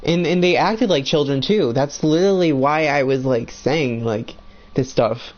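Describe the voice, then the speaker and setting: A man's voice: a little high, measured pace, dull audio. A young man ranting bluntly about friends while playing a video game, swearing a lot in a heated, agitated way.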